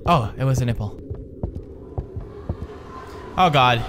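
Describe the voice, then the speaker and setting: A man doing horror game commentary in a sarcastic, profane running chatter. His voice leaps up when startled and drops low for dry asides. Noisy game ambience sits under him. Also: lively intonation, moderate pace, fairly bright tone. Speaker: gaming video creator.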